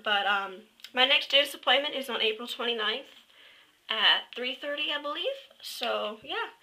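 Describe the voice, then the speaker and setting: Chatty young woman, bright voice. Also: medium pitch, rough recording. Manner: chatty and rambling, many fillers and self-corrections. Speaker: vlogger. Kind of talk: casual to-camera update. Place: at home, indoors. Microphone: built-in camera mic, close to face.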